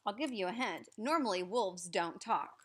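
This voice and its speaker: A woman's voice: medium pitch, animated, normal speed, slightly rough. A woman reading a story aloud as a teacher, patiently stopping to prompt her listeners with questions.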